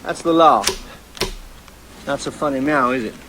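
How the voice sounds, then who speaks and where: An actor playing a smug male highway cop who speaks mock-stern and taunting in a film comedy scene. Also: normal speed, bright, forceful tone, a little hiss or hum, natural voice, low-quality recording. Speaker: highway patrol officer.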